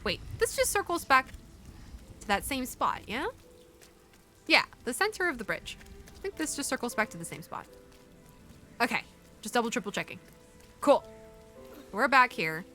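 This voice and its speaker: Bright, lively young-sounding woman streamer. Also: a little high, normal speed, pauses often. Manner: chatty, muses aloud and answers chat, coos at game creatures. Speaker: streamer playing a video game. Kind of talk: casual live-stream commentary. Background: faint game music.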